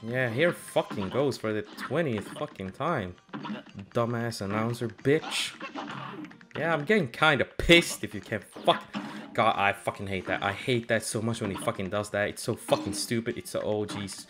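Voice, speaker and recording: A young man giving casual gaming commentary, swearing and frustrated, with loud outbursts. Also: lowish voice, normal speed, over music. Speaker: gameplay streamer.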